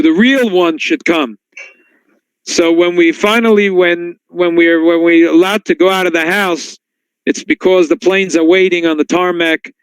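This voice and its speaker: Male rabbi, sermon-style class, slightly high voice, dry and close, animated storyteller. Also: clear, resonant tone, no echo, rough recording. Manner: storytelling, swings to high excited tones when quoting. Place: synagogue.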